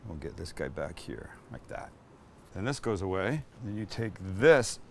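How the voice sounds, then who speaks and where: A man's voice: sits low, expressive, moderate pace, gravelly, dry recording. A middle-aged man hosting a cooking show in casual, enthusiastic chat, full of exclamations as he cooks.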